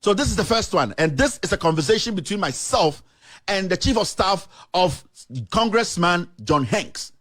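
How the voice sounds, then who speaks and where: The speaker is a Ghanaian-accented journalist whose high, somewhat bright voice is animated and moderately paced, in a dry recording. Presenting documents on camera, he reads official statements aloud with emphatic commentary and slips into a local language.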